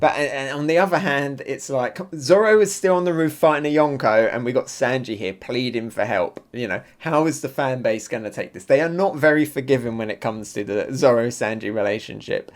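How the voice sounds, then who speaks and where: A man hosting a live comic reaction and review, excitable and thinking aloud with fillers. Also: mid-range voice, brisk, few pauses. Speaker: manga reaction channel host.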